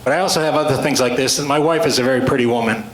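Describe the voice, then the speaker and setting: A man's voice: mid-range voice, very fast, slight background noise. Man telling jokes to a club. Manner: dry, self-deprecating joke delivery, rambling asides. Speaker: storyteller and author giving a talk. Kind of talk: humorous storytelling speech. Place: club meeting room with an audience. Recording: roomy hall sound with faint ambience. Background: audience laughter.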